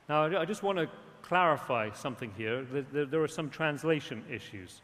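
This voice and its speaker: A man's voice: medium pitch, animated, moderate pace, a bit bright. A man from England with an English accent, preaching a storytelling sermon with quoted voices and frequent restarts. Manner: storytelling with quoted voices, repeats words when starting. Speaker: pastor. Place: church hall. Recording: long hall reverb.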